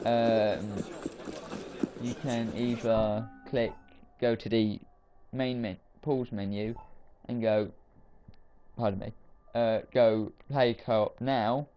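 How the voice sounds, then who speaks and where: A man's voice: on the low side, fairly even intonation, takes it slowly, pauses often, mellow, soft background music. A man giving casual, rambling commentary while playing a video game, hesitating often with filler words. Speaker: let's play commentator. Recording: game audio noise behind voice.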